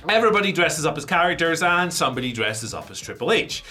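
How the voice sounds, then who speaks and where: A man's voice: fairly high pitch, sing-song, fast, sharp tone, faint music behind. A man co-hosting a wrestling news show, chatting casually and rambling with jokes.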